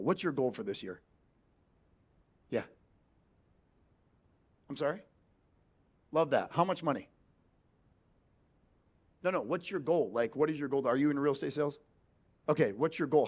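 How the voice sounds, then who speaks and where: A man's voice: high voice, fairly bright tone. A man giving a motivational sales keynote on stage, brash and emphatic, swearing freely. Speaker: sales trainer and keynote speaker. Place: conference stage before an audience.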